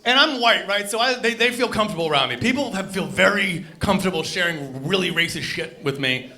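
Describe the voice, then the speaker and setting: A young man performing a stand-up comedy set on a club stage, animated, jumping between loud bursts and low mutters. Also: fairly quick.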